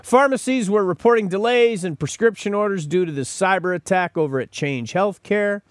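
A man's voice: high-pitched, normal speed, dry recording, studio quality. A man hosting a podcast, delivering a sarcastic, opinionated commentary monologue. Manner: sarcastic, mocking, mimics callers and corporate statements. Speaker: podcast host.

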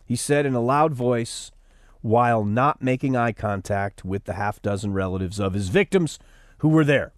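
A man's voice: a little high, very animated, normal speed, no room sound, studio quality. A man hosting an opinionated news commentary show, sarcastic and preachy, rising to fiery outbursts. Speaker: radio host.

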